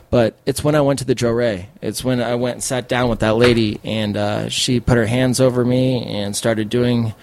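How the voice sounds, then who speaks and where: A man guesting on a podcast, telling a wild story in a casual, animated and profane way. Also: medium pitch.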